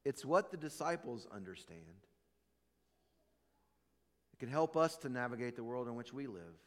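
A man preaching a sermon, telling stories and acting out quotes, then dropping low and quiet to drive a point home. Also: expressive, a little fast, in a large hall. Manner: storytelling preacher, acts out quotes, drops low for emphasis. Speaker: pastor.

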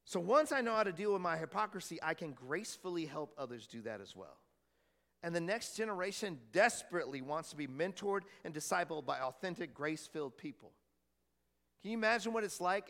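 A man preaching to his congregation in a loose, conversational way, often checking in with them through questions. His voice sits high for a man. The sound carries the long reverb of a church hall. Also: lively intonation, a little fast, creaky, a bit bright. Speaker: pastor. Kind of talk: sermon.

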